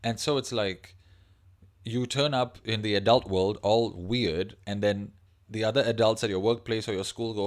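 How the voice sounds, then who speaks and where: A man's voice: fairly low pitch, fairly even intonation, normal speed. A man hosting a livestream, talking casually and rambling, reading viewer comments aloud as he goes. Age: adult parent of a young child. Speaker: livestream host.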